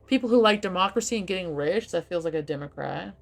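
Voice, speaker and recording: Gravelly low-voiced woman streamer. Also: brisk, hardly any pauses. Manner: casual, swearing, laughing, reacting to the game. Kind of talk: live game playthrough, reading dialogue aloud. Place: home streaming setup.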